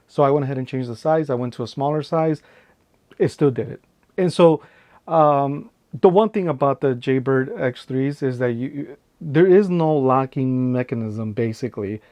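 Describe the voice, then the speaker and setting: A man's voice: mid-range voice, darkish tone. A man chatting casually in a tech unboxing vlog, rambling with lots of "right?" tags and filler phrases. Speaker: tech vlogger.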